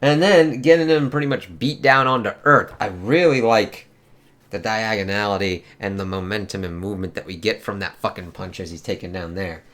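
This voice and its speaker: A man's voice: on the low side, moderate pace, a bit bright. A man giving a casual, profane comic book review, talking loosely with lots of fillers.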